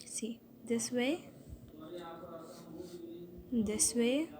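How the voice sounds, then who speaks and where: A woman teaching a linguistics lesson, explaining slowly and repeating key words, often checking with "okay?". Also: a little high, a crowd in the background. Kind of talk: explaining phonetics at a board.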